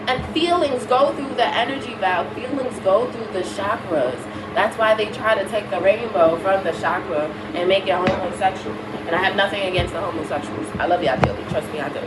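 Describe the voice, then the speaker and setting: A woman with a Caribbean accent, a spiritual reader chatting bluntly and preachily to her viewers, repeating herself. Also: medium pitch. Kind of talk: casual spiritual chat to viewers. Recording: roomy, far from mic, loud background noise.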